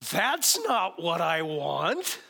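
A male preacher with a slightly higher-than-usual voice speaks to his congregation in a relaxed, storytelling way. He rises into emphatic peaks to drive his points home. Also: gravelly, husky. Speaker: pastor. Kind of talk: sermon.

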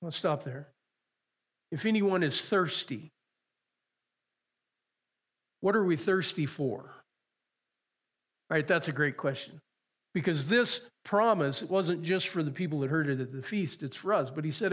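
A man preaching a sermon in an earnest way, repeating phrases and slowing down on key words. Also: fairly high pitch, a bit bright. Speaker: pastor.

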